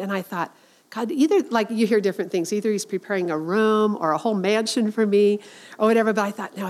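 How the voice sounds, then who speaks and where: A woman's voice: medium pitch, a little mellow. A middle-aged woman speaks to a women's gathering about faith and home in an earnest, conversational way. She talks in a mid-range voice, circling back with fillers and restarts as she thinks aloud. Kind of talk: informal faith talk.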